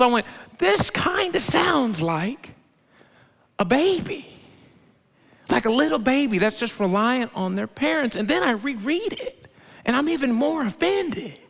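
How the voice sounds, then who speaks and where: A man preaching a sermon, animated, swinging between loud emphatic lines and quiet low asides. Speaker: pastor. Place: large church auditorium. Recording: long hall reverb.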